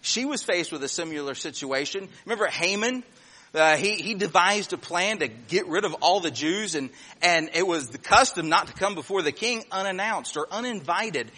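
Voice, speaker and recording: A man preaching a sermon with a bright, ringing tone and a voice pitched a little high. He tells folksy stories and acts out the voices of people in them. On his serious points he sinks to a quiet, low voice. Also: expressive, moderate pace. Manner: folksy storytelling, acts out voices, chuckles at own jokes; drops to a quiet, low voice when turning serious.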